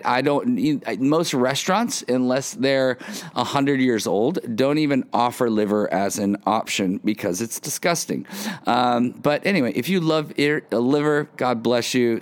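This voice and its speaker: A man's voice: mid-range voice, clear, resonant tone, dry recording. A man preaching a casual sermon, rambling with many fillers and self-deprecating humor. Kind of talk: casual sermon with personal story.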